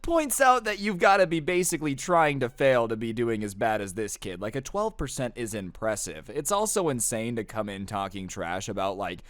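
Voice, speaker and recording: Chatty, slangy storytime guy, clear voice. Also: mid-range voice, normal speed, few pauses, dry recording. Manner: animated, slangy, chatty asides. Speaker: storytime YouTuber. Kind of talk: casual storytime narration.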